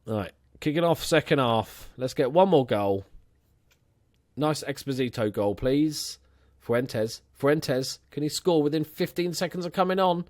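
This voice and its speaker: Excitable man, lively voice. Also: on the high side, unhurried, no echo, clean studio sound. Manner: excitable, chatty, swears, commentates his own match. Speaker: let's play host. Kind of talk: casual game commentary.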